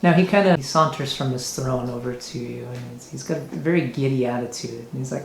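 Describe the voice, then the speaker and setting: A man's voice: medium pitch, fairly quick, gravelly, hardly any pauses, reverberant, slight background noise, low-quality recording. A man running a tabletop game as game master, narrating casually and correcting himself as he goes.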